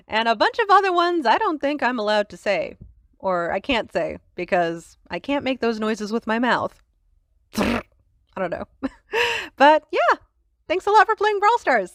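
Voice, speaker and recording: A woman's voice: on the high side, sing-song, unhurried, a bit bright, no room sound, studio quality. A woman voice actor introducing herself casually with friendly, laughing asides.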